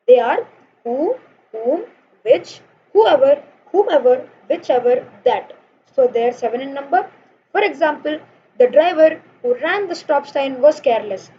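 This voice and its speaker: A young woman teaching an online grammar lesson, explaining step by step with examples and often calling her viewers "guys". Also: sits high. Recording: dull lo-fi sound with faint noise.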